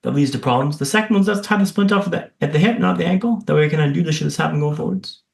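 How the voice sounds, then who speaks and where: A man on a podcast tells his own story with punchy, dramatic pacing. His voice sits a touch high with a gravelly edge. He drops self-deprecating jokes along the way. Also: very fast, echoey room. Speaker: podcast guest and speaker.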